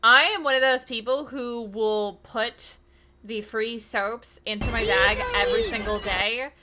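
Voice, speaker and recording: Bubbly woman streamer, crisp bright tone on the higher side, talkative and quick to yell hello to her chat. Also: faint music behind. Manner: chatty, excitable, shouts greetings to chat. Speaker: streamer host. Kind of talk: casual live-stream chat with viewers.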